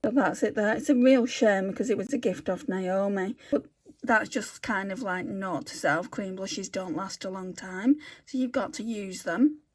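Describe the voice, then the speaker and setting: This beauty vlogger keeps things casual, voicing her thoughts and correcting herself mid-stream while testing makeup swatches. She talks at a moderate pace with a medium-pitched voice.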